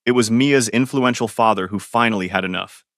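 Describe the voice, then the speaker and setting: A man narrating a first-person drama story in a calm, even scripted reading. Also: fairly low pitch, fairly quick, no room sound, clean studio sound.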